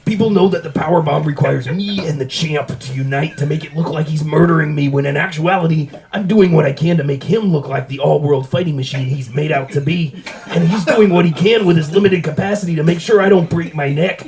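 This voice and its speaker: A man's voice: on the high side, brisk, a little mellow. A man speaking earnestly and emphatically in a played clip.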